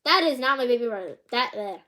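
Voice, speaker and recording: A woman voicing a determined young girl in a read-aloud picture book, with flat, matter-of-fact delivery. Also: fairly high pitch, fast talker.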